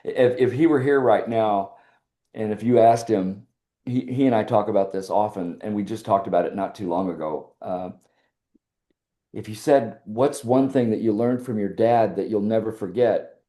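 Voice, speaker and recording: An older man, a podcast guest, telling personal stories in a relaxed interview and acting out the lines of others. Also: lowish voice, normal speed. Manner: animated storyteller who acts out quoted dialogue. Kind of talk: casual interview storytelling.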